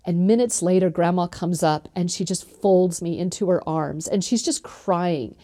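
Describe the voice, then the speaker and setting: A woman's voice: fairly low pitch, moderate pace, dark tone, dry recording, studio quality. A middle-aged woman from northern Utah, an author being interviewed, telling stories earnestly with frequent ums. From northern Utah, USA. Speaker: author guest. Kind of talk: interview storytelling.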